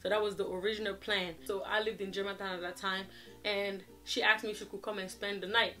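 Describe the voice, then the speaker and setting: A woman in her twenties chatting casually to camera as a vlogger, telling a story in an animated way and acting out what people said. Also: mid-range voice, fairly quick, faint music behind. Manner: animated, chatty, acts out quoted dialogue.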